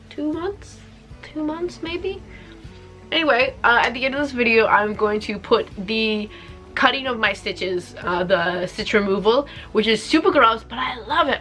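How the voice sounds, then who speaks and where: A young woman telling a story to camera in a chatty, animated way, acting out what people said. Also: a little high. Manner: chatty, animated, acts out quotes. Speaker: vlogger.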